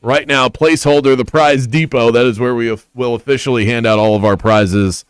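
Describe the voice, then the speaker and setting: A man's voice: mid-range voice, fairly even intonation, brisk, clean tone, no room sound. A man hosting a sports radio show, chatting casually and joking with his co-host. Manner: jokey, laughs easily.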